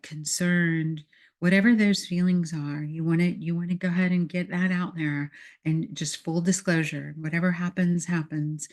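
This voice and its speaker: Woman, leadership coach, lowish voice, step-by-step guidance, repeats words for emphasis. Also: darkish tone. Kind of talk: guided exercise instruction.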